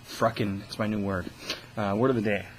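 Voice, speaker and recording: A man's voice: fairly low pitch, fairly even intonation, fairly quick, slight background noise, rough recording. A young man talking into the camera in a casual vlog, ranting with scorn and constant swearing. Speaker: vlogger.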